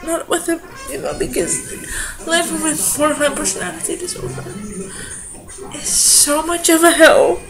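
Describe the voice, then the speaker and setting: A woman in her twenties, tearful, talking to camera in a halting confessional vlog with broken-off sentences. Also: very high-pitched, steady tone, over music, poor audio. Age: 20s. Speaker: vlogger.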